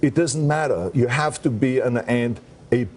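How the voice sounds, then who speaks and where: A man's voice: medium pitch, measured pace, a little mellow, slight background noise. A man as a guest in a TV morning show interview, talking in an emphatic, upbeat and joking way.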